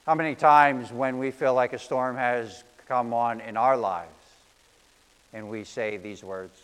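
A man's voice: medium pitch, takes it slowly, fairly bright tone, smooth. Earnest male pastor in a reverberant hall. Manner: earnest, storytelling, self-deprecating asides. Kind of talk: sermon.

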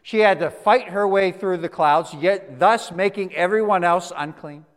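Pastor man preaching in a reverberant hall. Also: high-pitched. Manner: conversational, with frequent restarts and stammered repeats; drops to a soft, slow hush for emphasis. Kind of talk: sermon.

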